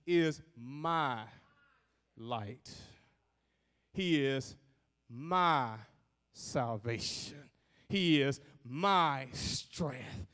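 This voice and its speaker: A man's voice: high voice, long reverb tail. A man preaching a sermon, talking with his congregation and building in intensity. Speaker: pastor.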